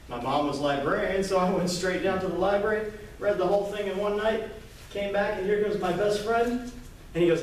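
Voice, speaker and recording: A man from Kentucky giving a lively storytelling pitch to a live audience, acting out the dialogue as he goes. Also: moderate pace, a little hiss or hum. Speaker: entrepreneur presenter. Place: live event room, indoors. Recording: echoey room, mic far off.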